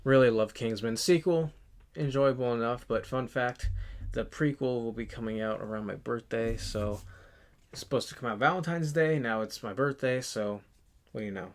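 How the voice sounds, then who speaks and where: A man in his twenties chatting casually in a vlog, rambling and halting with lots of fillers and restarts. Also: mid-range voice. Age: 20s. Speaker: channel host. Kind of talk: casual movie collection vlog.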